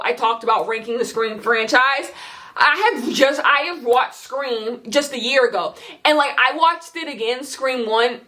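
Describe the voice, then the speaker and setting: A woman's voice: a little high, fairly bright tone. A woman vlogger in casual chat, reviewing films in a chatty, rambling way with lots of fillers and emphatic repetition.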